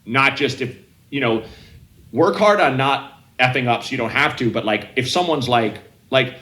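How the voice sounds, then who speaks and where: A man's voice: mid-range voice, lively intonation, moderate pace, bright, forceful tone. Male comic guest, rambling storyteller, ringing tone, roomy sound. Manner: rambling, self-interrupting anecdotes with quoted voices. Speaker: comedian guest. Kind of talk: casual podcast storytelling.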